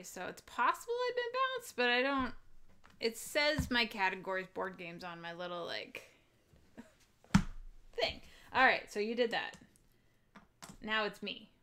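A woman hosting a casual board game live stream, upbeat and quick to laugh as she cheers and greets viewers. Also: medium pitch, pushed and bright.

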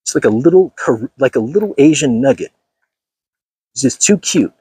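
A man's voice: medium pitch, very animated, normal speed, pauses often, darkish tone, slightly rough, no room sound. A man hosting a livestream, ranting emphatically to his viewers and repeating himself for effect. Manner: emphatic, repetitive, addresses viewers directly. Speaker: channel host.

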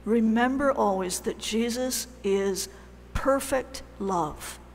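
A woman delivers a sermon at an unhurried pace, telling the story in a chatty, animated way with pauses. Her voice carries a long reverb from the church around her. A faint hum sits under the recording. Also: on the high side. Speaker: preacher.

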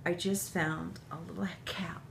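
Woman, tearful, gushing, laughing through tears, slow, swooping voice, unboxing vlog. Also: mid-range voice, a bit bright. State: tearful, crying while talking. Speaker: vlogger opening a gift package.

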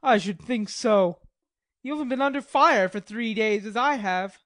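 A woman's voice: on the high side, normal speed, a bit bright, no echo, natural voice. A woman reading the part of a weary, hungry male Swiss mercenary soldier in an audiobook drama, nervy, wry and polite.

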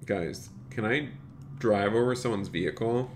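A man's voice: on the low side, a little slow, a little hiss or hum. A man live-streaming a game, chatty, thanking viewers by name and talking to "you guys" a lot. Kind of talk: live-streamed gameplay commentary.

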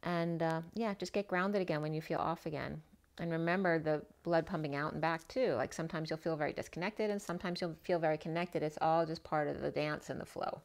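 A woman giving a gentle spiritual tarot reading, reading oracle card messages aloud and offering advice to her viewers. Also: low voice, brisk. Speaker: tarot reader.

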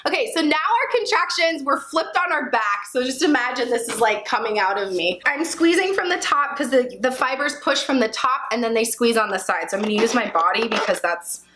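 A young woman, a birth educator, talking through a hands-on demonstration in an excited, laughing way, sometimes straining with effort. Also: a little high, fairly quick, few pauses, slight background noise, poor audio. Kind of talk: demonstration vlog.

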